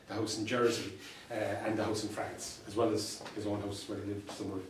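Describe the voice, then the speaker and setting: An Irish solicitor and mediator giving an anecdotal talk to fellow professionals, telling stories with dry humour and repeated punchlines. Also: male voice, fairly low pitch, little pitch movement, fairly quick, noisy background. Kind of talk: anecdotal presentation to a professional audience. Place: meeting room. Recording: distant mic in an echoey room.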